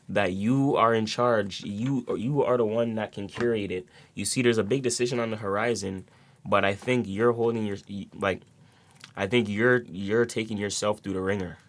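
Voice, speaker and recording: A man giving a casual tarot reading to his viewers, rambling with repeated words and many fillers. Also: fairly low pitch. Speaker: tarot reader.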